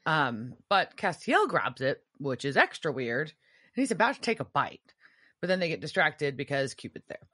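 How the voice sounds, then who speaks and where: A woman's voice: deep voice, sing-song, moderate pace, a bit bright, slightly rough. A woman co-hosting a podcast, casually retelling a TV episode and acting out the characters' lines. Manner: retells scenes acting out quotes. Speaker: podcast co-host. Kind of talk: casual recap chat.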